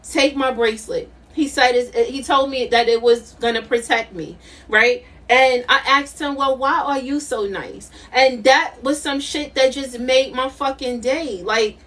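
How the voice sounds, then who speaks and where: A woman's voice: high-pitched, slow pace, a bit bright, distant mic. A middle-aged woman doing a live tarot reading, emphatic and repetitive, laughing often. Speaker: intuitive tarot reader.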